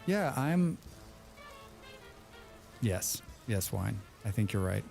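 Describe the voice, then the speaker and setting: His voice sits on the low side, gravelly and darkish, very animated yet slow, with soft background music. He's running a casual let's play with friends, joking around, rambling and repeating himself as he narrates the game.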